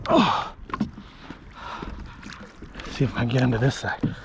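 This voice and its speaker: A man filming himself from a kayak at night, excitedly commenting while fighting big fish, on a head-mounted camera. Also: medium pitch, very fast, noisy background. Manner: excitable, exclaiming, shaky with excitement. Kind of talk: live fishing commentary.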